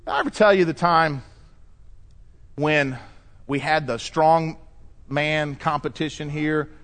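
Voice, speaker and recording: Man, pastor, sermon, animated storytelling, slightly high-pitched. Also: slow pace, pauses often. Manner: animated storytelling preacher, shifting pace, acts out quotes.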